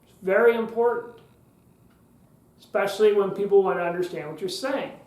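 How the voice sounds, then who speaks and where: Male podcast host teaching public speaking; high voice, emphatic, deliberate pauses. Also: darkish tone. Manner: emphatic, repeats key phrases, uses long pauses. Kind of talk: instructional podcast talk. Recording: roomy echo.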